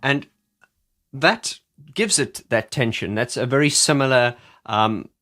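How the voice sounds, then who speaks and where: A music reviewer explains an album's keyboard parts, talking casually and enthusiastically, restarting often and singing along. His medium-pitched voice is expressive, pushed, and bright, and he speaks slowly. Soft music plays in the background.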